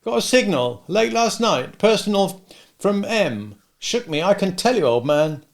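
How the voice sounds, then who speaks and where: A man putting on a blustery high-pitched army chap. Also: big pitch swings, a little slow, vocal fry, full character voice. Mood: bluff. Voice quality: faint odd brogue. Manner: hearty chummy bluster. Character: jumpy middle-aged British army man, blustery and hearty. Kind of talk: audiobook character voice.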